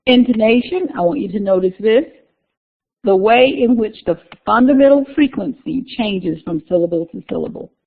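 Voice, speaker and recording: A woman's voice: mid-range voice, normal speed, vocal fry. Woman lecturing over a tinny recording. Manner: conversational, repeats key terms, talks through slides. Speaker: instructor.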